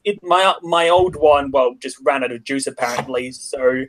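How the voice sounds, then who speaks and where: A tabletop game player chatting casually on a voice call, giggly and animated, often rambling. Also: mid-range voice, moderate pace, noisy background.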